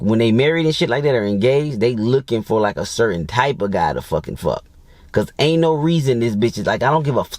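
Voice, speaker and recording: A man's voice: lowish voice, darkish tone, no echo, clean studio sound. A man talking as a dating coach in a blunt, crude, casual monologue, full of swearing and fillers.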